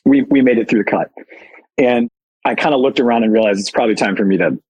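A husky-voiced man telling a story on a podcast, animated and candid. His voice has a breathy rasp at a middle pitch. He pokes fun at himself as he talks. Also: fast talker, low-quality recording. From Chicago. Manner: animated, candid, self-deprecating. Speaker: guest, company founder. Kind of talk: casual storytelling.

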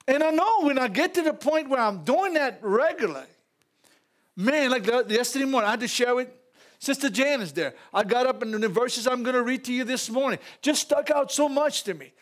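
High-voiced Louisiana Southern preacher man. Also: brisk. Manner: animated preaching, laughing asides, call-outs to the congregation. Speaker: pastor. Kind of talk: sermon. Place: church.

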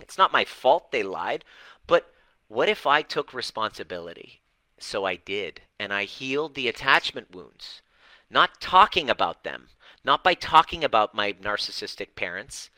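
A man's voice: mid-range voice, bright, forceful tone, no room sound, poor audio. A man coaching an online group in a livestream talk, passionate and blunt, swearing for emphasis and openly dramatic. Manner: dramatic, fired up. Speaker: relationship and healing coach.

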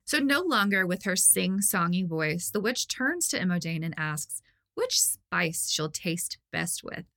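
A woman's voice: lowish voice, big pitch swings, unhurried, sharp tone. A woman co-hosting a podcast, chatting enthusiastically with lots of fillers. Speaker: podcast co-host. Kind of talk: casual chat.

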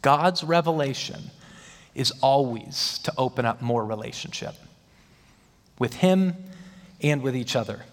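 Preaching a sermon in a church hall, a male pastor speaks at a medium pitch, a little slowly, pausing often. He is emphatic, building his points phrase by phrase with rising stress, and the recording carries a long hall reverb.

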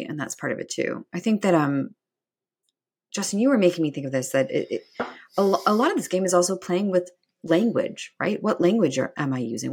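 Low husky-voiced woman, thoughtful. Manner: thoughtful, hedging, many "right?" tags. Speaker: podcast co-host, career coach. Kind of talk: casual podcast discussion.

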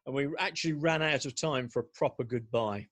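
A male podcast host in casual chat, closing the show with brisk, polite thanks. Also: mid-range voice, fairly bright tone.

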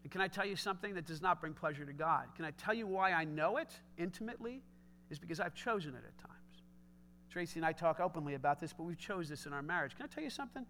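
A middle-aged man preaching a sermon in an emphatic, conversational way that rises at times into shouts. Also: on the high side, animated, rapid-fire, few pauses, slight background noise. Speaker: pastor.

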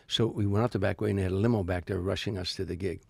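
A very low-pitched older man spins long anecdotes in a relaxed interview. His voice is gravelly and husky, and he keeps stumbling into quick restarts. The sound is dry and close. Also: no echo. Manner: rambling anecdotes with frequent stammered restarts. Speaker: stand-up comedian guest. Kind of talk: casual storytelling interview.

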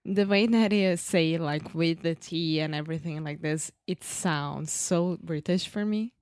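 A woman's voice: sits low, unhurried, a little mellow, dry recording, studio quality. A woman, a learner in a casual lesson, giggling and carefully repeating words. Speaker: English learner.

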